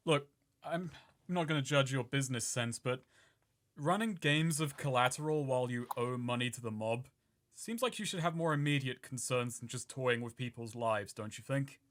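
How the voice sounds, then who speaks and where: A man voicing a calm, sardonic male debt collector who pressures someone in a cool, sarcastic tone. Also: mid-range voice, normal speed, natural voice.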